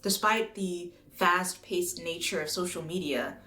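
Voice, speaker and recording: A woman from the United States reading a scripted video essay in an earnest, measured way, now and then swearing for emphasis. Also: lowish voice, a crowd in the background. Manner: earnest, measured, occasionally profane. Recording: roomy echo with faint music.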